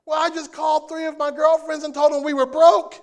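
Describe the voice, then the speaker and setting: A fretful young wife whose voice climbs higher as she worries, as a preacher puts her on in a sermon. Her lines come out high above his usual speech, almost a squeal. She frets aloud and then sounds relieved. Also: flat delivery, fairly quick, natural voice. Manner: fretful, rising pitch. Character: anxious young wife in a marriage story.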